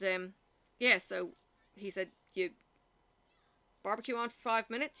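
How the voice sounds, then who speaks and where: A woman's voice: mid-range voice, creaky, bright, forceful tone. A woman vlogging at home in the evening, telling long rambling stories in a casual, chatty way with lots of fillers.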